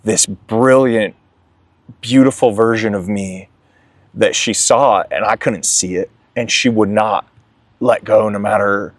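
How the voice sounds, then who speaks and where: A man's voice: lowish voice, steady tone, a little slow, dry recording. A young man sharing his recovery story in a candid, emotional way as an interview guest. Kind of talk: candid testimony.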